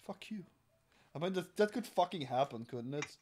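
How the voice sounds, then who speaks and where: A man's voice: fairly high pitch, animated, normal speed, a little hiss or hum. A man hosting a crude comedy podcast, swearing a lot, laughing often and mocking people in put-on voices. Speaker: podcast host.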